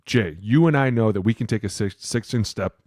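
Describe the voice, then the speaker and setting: Male ex-lineman podcast host, swearing storyteller, lower pitch, dry mic. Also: fairly quick, no room sound. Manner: animated, profane storytelling. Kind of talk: casual sports chat.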